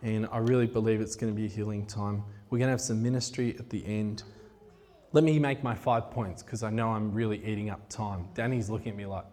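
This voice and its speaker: A man's voice: on the low side, fairly even intonation, fairly quick, darkish tone. A man preaching a sermon in a conversational, jokey way that turns heartfelt and intense. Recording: long reverb of a large hall.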